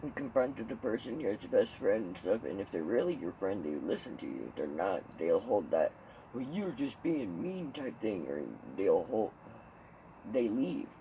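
A man hosting a podcast, chatting casually and telling animated stories with swearing, laughter and mimicked voices. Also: fairly low pitch, moderate pace, slight background noise, poor audio. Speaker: podcast host. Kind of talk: casual chat.

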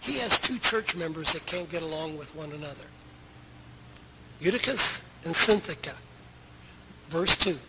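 A middle-aged man preaches to his church in an easy, conversational way, stacking up rhetorical questions for his listeners. His voice sits a little high for a man. A heavy, steady noise runs under the whole recording. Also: unhurried, long pauses. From United States. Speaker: pastor. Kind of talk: sermon. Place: church sanctuary. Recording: loud background noise.

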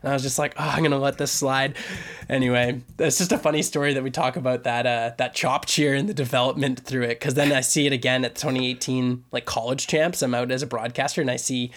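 Brief: man, 30s, from Canada, podcast co-host, lively laughing storyteller, mid-pitched voice. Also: fast talker, few pauses. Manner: animated storyteller, laughing, jumps high when quoting himself. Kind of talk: casual storytelling chat.

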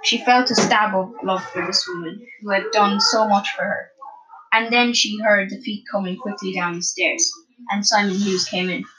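A woman reading a novel chapter aloud in steady storytelling narration. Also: medium pitch, moderate pace, low-quality recording. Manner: steady storytelling with small restarts. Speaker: audiobook narrator. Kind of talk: audiobook narration.

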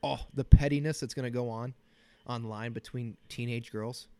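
A man in his thirties rambles through a solo podcast in a joking, self-mocking way, with a slight sniffle. His voice sits at an ordinary middle pitch. The sound is close and dry, with no room echo. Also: fairly even intonation, normal speed, mellow, clear, resonant tone. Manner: joking, self-deprecating, rambling with crude humor. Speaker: podcast host. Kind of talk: casual solo podcast rant. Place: small cold home office.

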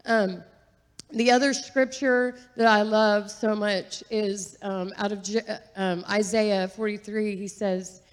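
A woman sharing a personal testimony in a church, talking earnestly and chattily with fillers and soft laughs. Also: medium pitch, steady tone, slow. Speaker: guest giving testimony. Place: church sanctuary. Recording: long reverb of a large hall.

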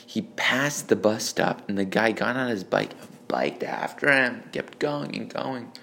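A man's voice: on the low side, vocal fry, a bit bright, a little hiss or hum. A man alone with a phone voice memo, reading his old joke notes aloud, rambling, swearing and mocking himself. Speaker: amateur comedian.

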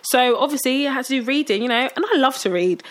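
A woman with a slight lisp, telling lively stories in a casual chat and teasing her co-host. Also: high-pitched, fast. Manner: teasing, exclaiming, laughing through stories. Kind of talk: casual chat, animated storytelling.

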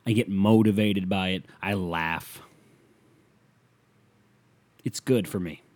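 A man's voice: deep voice, slow, a little mellow, no room sound. A young man hosting a solo podcast, rambling through stories in a laid-back, profane way. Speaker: podcast host. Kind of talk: casual solo chat.

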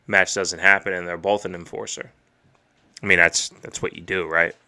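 A man hosting a podcast, recapping a wrestling show in casual, excited, profane chat. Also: low-pitched, normal speed, creaky. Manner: excited, profane, recounts and quotes matches. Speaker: podcast host. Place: home streaming setup.

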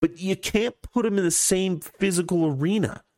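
A man's voice: high voice, moderate pace, a little mellow, no room sound, clean studio sound. A man hosting his own podcast, ranting bluntly and with profanity, mocking opponents and laughing at his own jokes. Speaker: podcast host. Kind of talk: opinionated solo podcast rant.

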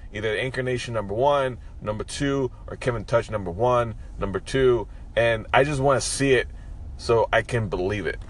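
A man hosting his own podcast, with a froggy morning voice, giving a joking, profane morning pep talk. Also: mid-range voice. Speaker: podcast host.

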